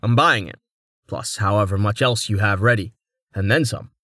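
A man voicing a brisk young male captain who talks casually and gets straight to business. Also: lowish voice, bright, forceful tone, no room sound, studio quality.

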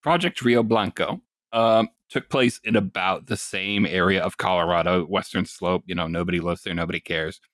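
Man, lowish voice, casual podcast presenter, dry booth sound. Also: normal speed, fairly bright tone, dry recording. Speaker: podcast guest presenting the topic.

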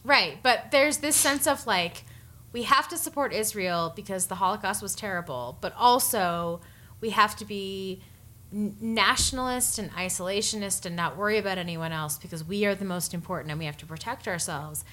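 A woman in casual political chat, animated and sarcastic, often breaking into mock voices. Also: mid-range voice, moderate pace.

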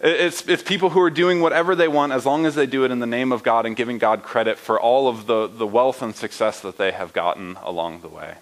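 A man's voice: medium pitch, steady tone, a little fast, hardly any pauses, low-quality recording. Conversational man preaching a sermon. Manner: conversational, asks listeners rhetorical questions; uses fillers and "right?" often. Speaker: pastor.

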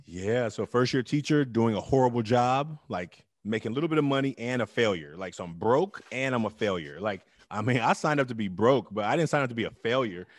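A middle-aged man telling his story as an interview guest, emphatic and animated with loud bursts. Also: mid-range voice, fairly quick, few pauses, dry recording, studio quality. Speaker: interview guest, teacher and club founder.

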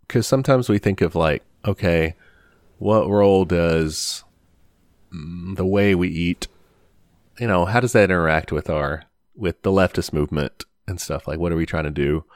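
A man's voice: low voice, normal speed, no room sound, studio quality. A man co-hosting a casual podcast chat, rambling and hedging with "you know" and "I don't know". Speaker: podcast co-host.

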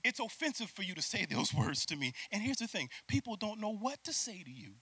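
A male preacher giving a lively sermon, acting out voices, laughing often and calling out to the crowd. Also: sits high, a little fast, husky.

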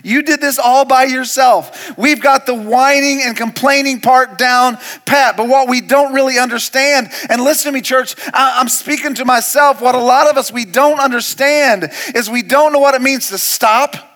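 A male pastor preaching a sermon. He speaks straight to the congregation, moving from hushed, slow lines to loud, repeated commands. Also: extremely high pitch. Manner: speaks to the congregation directly, asking questions and calling out to them.

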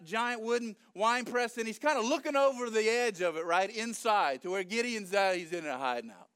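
Male pastor, conversational and animated storytelling, high and clear voice. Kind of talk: sermon.

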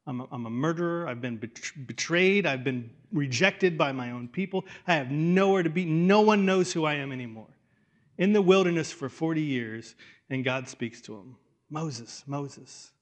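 Conversational preacher with a fairly high voice. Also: male voice, animated, moderate pace. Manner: conversational, with restarts and sudden drops to a hush. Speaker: pastor. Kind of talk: sermon.

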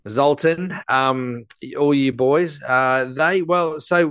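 A man in his fifties, a guest expert on a podcast, easygoing and quick to laugh as he explains through anecdotes. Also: medium pitch, fairly bright tone, clean tone, no echo. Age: 50s. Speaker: gut health expert guest. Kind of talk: casual conversational interview.

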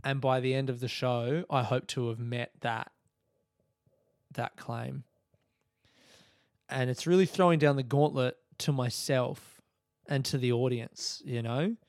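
A man's voice: medium pitch, steady tone, a little slow, pauses often, no room sound, clean studio sound. A man hosting a podcast, telling a story in a casual monologue, swearing a lot and laughing as he talks. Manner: swearing, storytelling, quotes others in voices; laughs through his stories. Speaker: podcast host.

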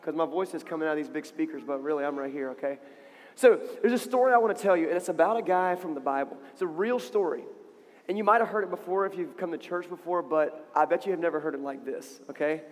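A man's voice: on the high side, expressive, fast. A man leading an interactive, playful call-and-response story for a young church audience. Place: church stage with big speakers. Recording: reverberant hall over loudspeakers.

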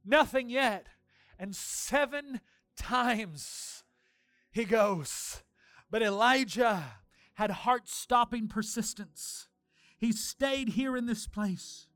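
A man preaching a sermon as pastor, swinging between fervent shouted declarations and quiet storytelling. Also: extremely high pitch, drawn-out words, clear, resonant tone, dry recording.

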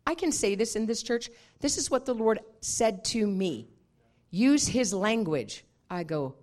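A woman minister preaching a sermon, telling a personal story in an animated way and laughing often. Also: medium pitch, a little slow.

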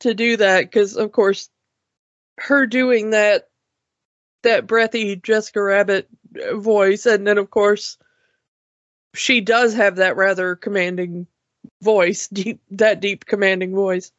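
A woman co-hosts a casual podcast-style talk show reviewing cartoons, chatty and enthusiastic, and she often restarts her sentences. Her medium-pitched voice is steady and slow. There's no echo, but the audio is dull.

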